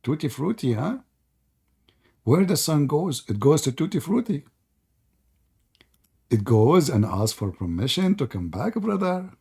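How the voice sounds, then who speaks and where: A man hosts a heated live debate and sounds hoarse after hours of talking. His voice sits a little high yet has a dark, mellow tone. He keeps mocking his caller, sarcastic and quick to laugh. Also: very animated. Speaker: debate stream host.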